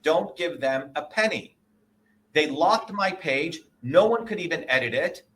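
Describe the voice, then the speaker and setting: A man in his sixties, a guest in an interview, talking in a combative, profane and emphatic way, often pausing to ask "okay?" or "you see?". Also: on the high side, animated, a bit bright. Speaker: interview guest, presidential candidate.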